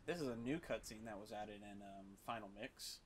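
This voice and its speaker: A man's voice: on the low side, normal speed, a little hiss or hum. A man giving casual let's play commentary while gaming, rambling with many fillers and swearing freely. He talks his way loosely through the game as he plays.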